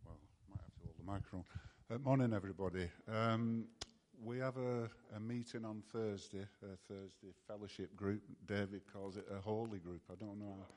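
Lower-voiced man hesitantly addressing a church. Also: steady tone, a little fast, hardly any pauses, a little mellow, a little hiss or hum. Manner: hesitant, with many fillers. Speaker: church fellowship group member. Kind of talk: announcement at a church meeting.

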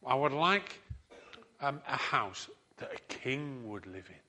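A man's voice: mid-range voice, lively intonation, slow, pushed and bright, heavily acted. A preacher playing a greedy everyday man. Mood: eager. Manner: chatty, eager asking. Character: ordinary man in a parable, greedy, always wanting more.

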